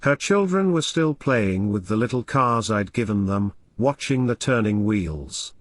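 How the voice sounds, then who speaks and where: Man narrating a memoir, lively pitch. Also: unhurried, few pauses, dry recording. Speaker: pediatrician narrating his memoir.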